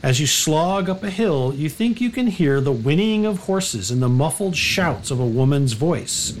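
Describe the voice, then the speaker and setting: A man running a tabletop game as game master, with a slightly raised pitch in his voice. He narrates loosely, circling back with plenty of "uh" and "like". Faint hiss sits under the recording. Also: very animated, normal speed. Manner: loose, rambling narration full of uh and like.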